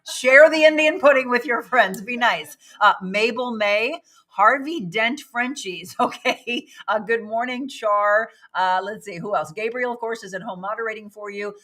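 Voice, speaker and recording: Woman, host, casual live chat, upbeat, chatty, bright voice. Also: mid-range voice, measured pace. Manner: chatty, upbeat, greets viewers by name.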